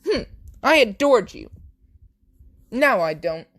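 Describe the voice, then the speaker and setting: A man's voice: high-pitched, sing-song, takes it slowly, fairly bright tone, no echo, voice pushed up, heavily acted. A young man voicing an eager young female army private, bubbly and stammering. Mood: pouting.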